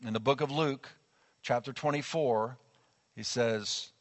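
A male pastor preaching a sermon in a lively, conversational way, acting out quotes as he goes. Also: medium pitch, unhurried. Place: church sanctuary. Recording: long church hall reverb.

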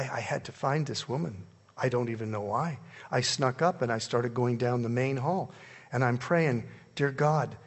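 Older male preacher, gravelly, animated storytelling, long church reverb. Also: mid-range voice. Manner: animated, jumps between hushed and loud. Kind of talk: storytelling sermon. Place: church hall.

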